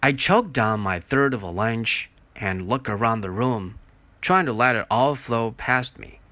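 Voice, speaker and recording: A man narrating an audiobook in an expressive, unhurried storytelling manner. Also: mid-range voice, no echo. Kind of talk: audiobook reading.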